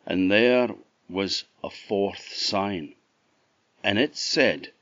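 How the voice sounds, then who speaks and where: Deep lilting Orkney Scottish storyteller. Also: male voice, very slow, no room sound, muffled recording. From Orkney Islands. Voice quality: relaxed, lilting and expressive. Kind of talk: oral folk storytelling.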